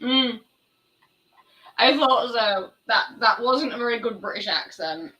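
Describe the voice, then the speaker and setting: Bright-voiced woman co-hosting a podcast. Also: fairly high pitch, lively intonation, measured pace, poor audio. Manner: chatty and self-mocking. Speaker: podcast co-host. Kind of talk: casual chat. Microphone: video call.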